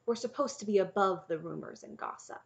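A woman's voice: mid-range voice, a little fast, gravelly, natural voice. A woman narrator voicing an earnest, naive young male knight who talks hesitantly and is easily let down. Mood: earnest, puzzled. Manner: hesitant, eager, easily crestfallen.

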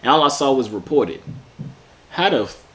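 A man's voice: medium pitch, lively intonation, normal speed, a bit bright. A man in his twenties with a New York accent, chatting and flirting playfully with strangers on a video app and joking to his viewers in street slang. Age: 20s. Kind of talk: casual flirty chat with asides to viewers.

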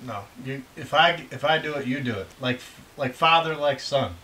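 A man's voice: mid-range voice, normal speed, bright, forceful tone, a little hiss or hum, low-quality recording. A middle-aged man from the United States, a father hosting a casual snack-tasting video, who rambles and teases with dry jokes. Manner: rambling, teasing, jokey.

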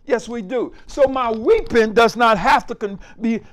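A man's voice: very high voice, unhurried, fairly bright tone. A man preaching a sermon as pastor, emphatic and repetitive, with call-outs like rhetorical asides to the congregation.

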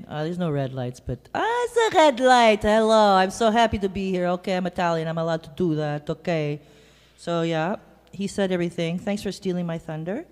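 A woman's voice: on the low side, a little mellow, big-room sound. A woman from Canada, a jazz singer, bantering playfully between songs with self-mocking asides. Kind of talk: stage banter. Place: jazz club stage. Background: live band instruments.

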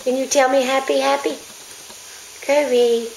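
A woman's voice: fairly high pitch, very animated, measured pace, a little hiss or hum. Sing-song woman coaxing her dog. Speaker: dog owner filming her pet. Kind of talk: coaxing baby talk to a dog. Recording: echoey room.

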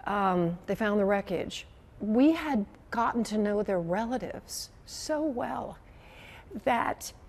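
Woman, sixties, veteran news anchor, higher voice, reflective and emotional, repeats herself when moved. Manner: animated, emotional storyteller who repeats phrases. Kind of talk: reflective conversational interview.

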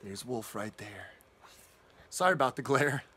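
A man's voice: mid-range voice, expressive, a little slow, bright, forceful tone, breathy edge. A man reading picture books to children at storytime, playful and joking. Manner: playful, goofy, jokes to kids.

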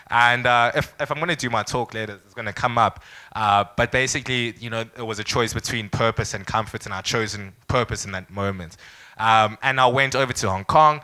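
A young man from South Africa telling a lively personal story to an audience at a startup event, acting out the people he quotes. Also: mid-range voice, a little fast. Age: young adult. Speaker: startup founder speaker.

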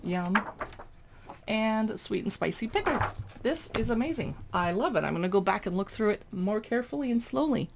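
A woman's voice: mid-range voice, animated, normal speed, vocal fry, noisy background. A woman flipping through a cookbook and chatting eagerly about the recipes. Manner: chatty, enthusiastic, exclaims over recipes. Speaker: cookbook reviewer. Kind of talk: casual cookbook flip-through.

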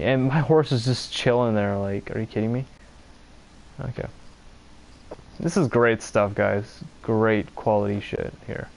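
A man's voice: fairly low pitch, gravelly, a little mellow, slight background noise. A young man from Pennsylvania talking casually and profanely over a video game he is playing, often exasperated and rambling. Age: young adult. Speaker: streamer. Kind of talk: casual gameplay commentary.

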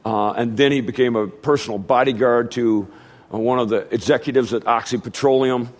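A middle-aged man preaching a sermon, telling a family story in a storytelling manner and doing animated impressions of his relatives. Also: medium pitch, a little fast. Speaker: pastor.

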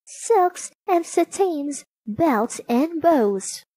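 A woman's voice: sits high, animated, drawn-out words, mellow, pitched above the performer's own voice, exaggerated voice. A woman voicing a sly, cackling old peddler woman in a storybook reading.

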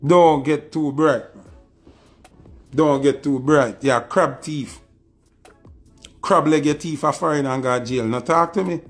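Brief: higher-pitched gravelly Jamaican man, scornful and taunting, ranting a diss. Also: measured pace, long pauses, faint music behind. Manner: scornful, taunting, repeats insults. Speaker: social media personality.

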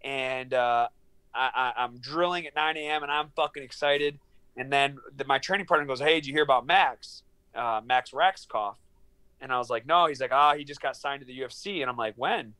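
A man in his thirties on a video call from his small studio apartment, telling a long story in an animated, profane way and acting out the dialogue. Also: medium pitch, normal speed, smooth. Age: 30s. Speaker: guest, professional fighter. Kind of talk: casual storytelling interview.

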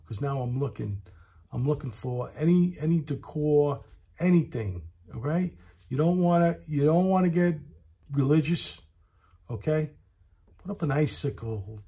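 A man's voice: mid-range voice, dark tone, breathy edge. A man telling a story in a casual rant, aggrieved and talking straight to the listener. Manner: aggrieved, talks straight to the listener, repeats himself.

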